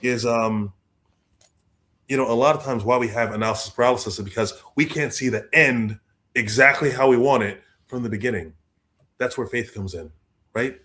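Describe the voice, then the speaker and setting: A young adult man, a guest author telling stories in a lively way, acting out the people he quotes. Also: medium pitch, normal speed. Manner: expressive, acts out quoted voices, repeats words. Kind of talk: animated storytelling in conversation.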